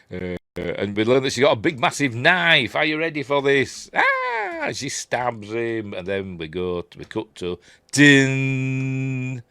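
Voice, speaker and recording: A man's voice: lowish voice, sharp tone, no echo. A man in his fifties with a Yorkshire accent, hosting a rambling, chatty live-stream commentary and laughing often. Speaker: show host.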